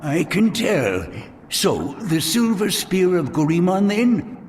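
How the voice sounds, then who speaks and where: A man's voice: sits high, very animated, slow, faint music behind, full character voice. A man voicing a fussy, easily startled older male librarian with a prim, chatty, slightly pompous manner in a video game.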